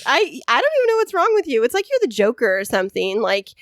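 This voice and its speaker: A talkative woman co-hosting a podcast, chatting in a teasing way with a fairly high voice. The recording is close and dry, with no room sound. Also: sing-song, fast, fairly bright tone, no echo. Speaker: podcast co-host. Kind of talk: casual chat. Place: home studio.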